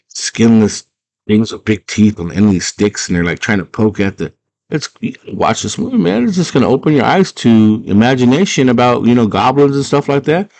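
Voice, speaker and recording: A man's voice: lowish voice, darkish tone. A man casually retelling a movie plot, rambling and slangy with lots of fillers. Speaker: movie fan.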